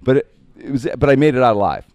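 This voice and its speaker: A man, a radio broadcaster, telling animated stories in casual podcast talk and acting out other people's lines. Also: medium pitch, fast, dry recording. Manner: animated anecdotes with quoted voices.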